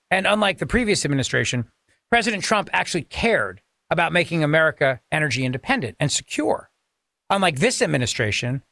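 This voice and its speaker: A man's voice: fairly high pitch, vocal fry, bright, forceful tone, no echo, studio quality. A man hosting a political talk radio show, delivering a combative, sarcastic monologue full of rhetorical questions.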